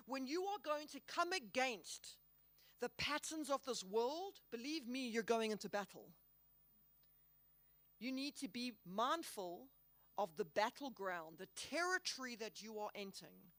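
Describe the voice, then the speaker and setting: A woman speaking at a Christian conference, earnest and emphatic, slowing down on key words with the odd playful aside. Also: sits high, fairly bright tone, no echo. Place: hall.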